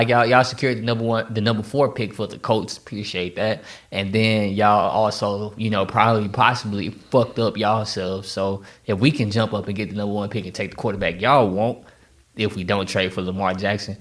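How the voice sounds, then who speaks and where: A man co-hosting a sports podcast, talking casually with profane, animated trash talk. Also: on the low side, normal speed. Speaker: podcast co-host.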